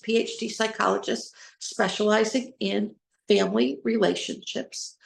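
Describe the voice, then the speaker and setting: A woman's voice: medium pitch, vocal fry. A woman hosting an informal talk on trauma recovery, earnest and rambling, who spells words out and restarts her sentences. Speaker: host, trauma recovery speaker. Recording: echoey room.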